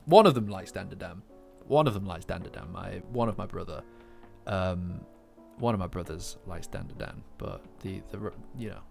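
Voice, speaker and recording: A man's voice: medium pitch, creaky. A man hosting a live stream, chatting casually and teasing his viewers. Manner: playful, bantering with chat.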